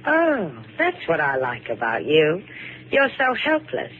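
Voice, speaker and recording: Sailor Duval, a wry adventurer. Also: female voice, deep voice, wildly swooping pitch, unhurried, heavily acted. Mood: wry defiance. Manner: wry, sarcastic, unflappable. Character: sassy, fearless female adventurer. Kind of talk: 1950s radio drama acting. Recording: scratchy old radio broadcast, narrow band.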